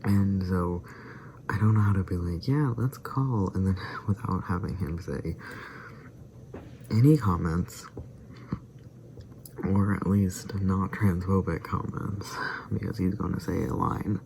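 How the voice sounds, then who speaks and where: A man's voice: deep voice, fairly even intonation, measured pace, vocal fry, long pauses, darkish tone, a little hiss or hum. A man vlogging in casual, rambling chat, laughing often and slipping into whispered asides. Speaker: vlogger doing a daily challenge.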